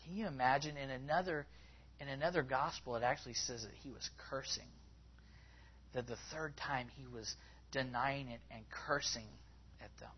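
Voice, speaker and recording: A man's voice: moderate pace, husky. Man preaching a casual sermon, lo-fi. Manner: conversational, rising in pitch when acting out quotes. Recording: slightly dull, lo-fi recording.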